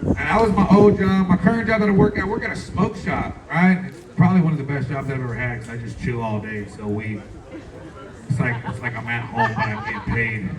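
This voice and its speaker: A man's voice: mid-range voice, brisk. A young man doing a stand-up set, playful and loose, talking straight to the crowd. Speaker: stand-up comedian. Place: comedy club stage. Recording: roomy club, distant mic, faint crowd.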